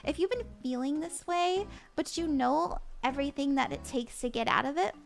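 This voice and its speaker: A woman's voice: sits high, normal speed, gravelly. A young woman reading tarot live for her viewers, bubbly and giggly as she chats. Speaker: tarot reader streamer.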